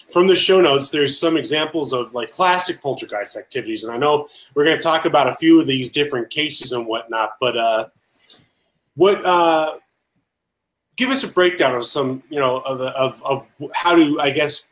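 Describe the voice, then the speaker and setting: A man's voice: mid-range voice, fairly bright tone. A man hosting a casual podcast, rambling and apologizing as he loses track of his thoughts. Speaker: podcast host.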